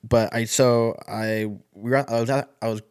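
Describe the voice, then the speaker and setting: A man's voice: medium pitch, little pitch movement, moderate pace, darkish tone, clear, resonant tone, no echo, studio quality. A young man telling a rambling, profane story in a casual monologue, full of fillers and restarts.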